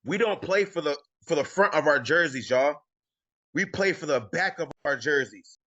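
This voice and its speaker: A man's voice: on the high side, expressive, normal speed, bright, forceful tone, lo-fi sound. A man coaching a live group call, emphatic and repetitive, often tacking on "y'all". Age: adult with children. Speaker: credit coaching host. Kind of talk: motivational coaching talk on a live video call.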